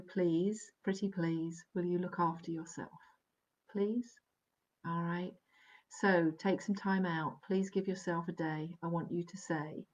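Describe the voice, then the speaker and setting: Warm-toned medium on a live webcam stream: lowish voice, checks in often, muffled sound. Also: female voice. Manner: gentle, reassuring, keeps checking in with "all right?" and "okay?"; laughs softly between sentences. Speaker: psychic medium. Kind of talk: live online reading. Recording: dull, lo-fi live stream audio.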